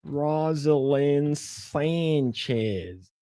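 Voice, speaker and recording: Guy hosting a chill stream podcast, kinda high voice, rambly, dry close mic. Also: expressive, drawn-out words, mellow, dry recording. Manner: rambling, repeats words, thanks donors. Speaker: podcast host. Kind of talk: casual livestream chat.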